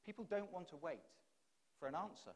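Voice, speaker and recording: This keynote speaker works a conference hall from the stage, his fairly high voice brisk and expressive with a breathy edge. He talks into a stage microphone with a practiced delivery, driving his case with one rhetorical question after another.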